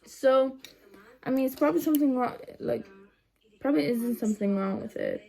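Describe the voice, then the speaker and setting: Young woman chatting thru a makeup tutorial, kinda high voice, lots of ums, phone cam at home. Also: moderate pace, gravelly, mellow. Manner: chatty, rambling, many ums and asides. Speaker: makeup vlogger. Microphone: phone camera set low.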